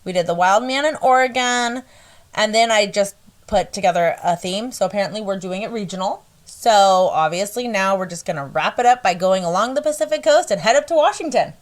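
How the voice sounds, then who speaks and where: A woman's voice: mid-range voice, lively intonation, a little fast. A woman hosting a podcast in casual chat, chatty and stumbling over words at times. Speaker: podcast host.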